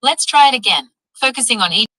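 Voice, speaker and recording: A woman's voice: fairly high pitch, animated, brisk, sharp tone, dry recording, poor audio. A synthetic female AI assistant voice coaching tongue twisters in an upbeat, encouraging way. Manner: upbeat, encouraging, evenly paced. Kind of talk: AI assistant tutoring.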